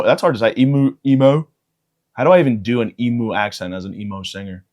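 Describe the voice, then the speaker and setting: A man's voice: fairly low pitch, expressive, fairly quick. A man in his thirties hosting a podcast, riffing alone in a profane, self-mocking comedic monologue. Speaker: podcast host.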